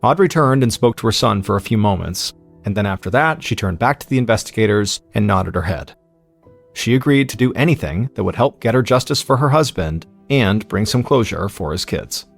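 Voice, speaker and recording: Low-voiced American man narrating true crime. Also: gravelly, soft background music. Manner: calm, measured storytelling. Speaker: podcast host and narrator.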